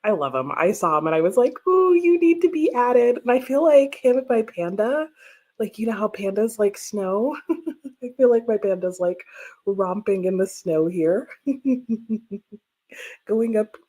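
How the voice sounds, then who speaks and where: A woman's voice: mid-range voice, animated, measured pace, pauses often, a little mellow, slightly rough. A woman hosting a casual livestream from her home, chatting, laughing often and reading out viewer comments. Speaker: livestream host. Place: home room with bookshelves.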